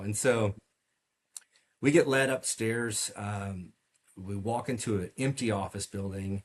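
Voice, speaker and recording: Low-voiced man recounting a story. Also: a little slow. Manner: earnest, recounting events in detail with frequent fillers. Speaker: podcast guest, medical device sales rep. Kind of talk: storytelling interview.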